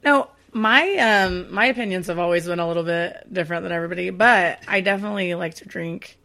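Low gravelly-voiced woman podcaster. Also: brisk, pushed and bright. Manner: chatty, giggly, self-deprecating. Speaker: podcast co-host. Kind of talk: casual podcast chat.

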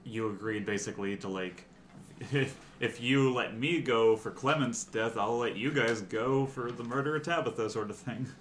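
A man's voice: mid-range voice, moderate pace, a bit bright, a little hiss or hum. A man narrating as game master of a tabletop game, chatty and often laughing.

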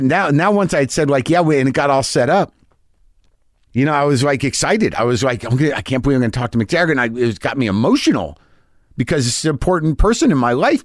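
Man, podcast host, rambling excitable storyteller, swears a lot, dry close sound. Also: a little high, no echo. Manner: excitable, profane, rambling with restarts. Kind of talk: casual storytelling monologue. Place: home garage studio.

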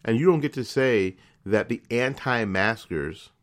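A man's voice: medium pitch, unhurried. A man hosting a podcast, delivering a political commentary monologue in an indignant, emphatic way, firing off rhetorical questions and repeating words as he builds his point. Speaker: podcast host.

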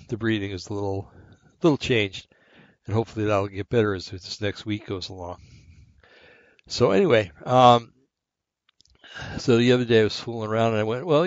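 A man's voice: fairly low pitch, no echo. Short-of-breath man with a shaky voice. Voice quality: slightly shaky voice. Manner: meandering, many fillers and asides. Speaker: podcast host. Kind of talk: rambling casual monologue. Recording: dull, lo-fi and dry.

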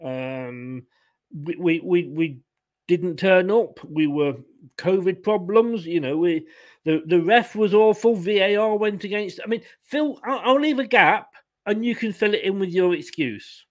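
Bloke with a high voice, ranting about his team on a live stream, fed up and sarcastic. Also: a little slow. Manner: exasperated, sarcastic, reads out viewer comments. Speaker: host of a football fan live stream.

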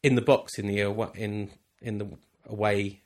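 Excitable rambling man. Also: on the low side, normal speed. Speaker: podcast co-host. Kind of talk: casual chat.

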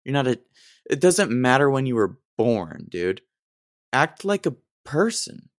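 A man's voice: mid-range voice, sing-song, measured pace, no echo, studio quality. A young man hosting a solo podcast, telling stories in a rambling, self-deprecating way with acted asides. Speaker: podcast host. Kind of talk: casual solo monologue.

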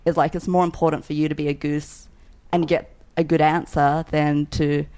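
A woman, a food writer, chatting on a podcast and telling a rambling story, quick to laugh and full of "like". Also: deep voice, flat delivery, dark tone.

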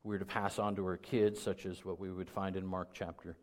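Middle-aged male pastor, low voice, conversational sermon delivery rising to emphatic peaks. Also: level tone, brisk. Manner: conversational preaching that builds to loud emphatic peaks.

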